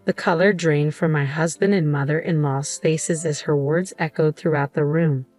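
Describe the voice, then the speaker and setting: Female narrator for a first-person story, low and measured, quiet music underneath. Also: steady tone.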